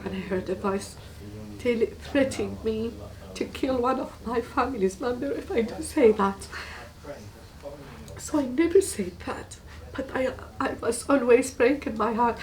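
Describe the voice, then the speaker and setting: A woman from Tunisia, giving a personal testimony in an earnest, halting way and repeating words for emphasis. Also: a little high, a little mellow, distant mic, poor audio. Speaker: guest giving a faith testimony.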